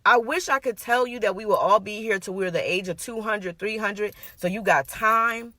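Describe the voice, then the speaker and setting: Bright-voiced woman preaching earnestly. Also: mid-range voice, moderate pace, no room sound. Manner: earnest, emphatic, personal and repetitive. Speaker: minister. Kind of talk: conversational sermon.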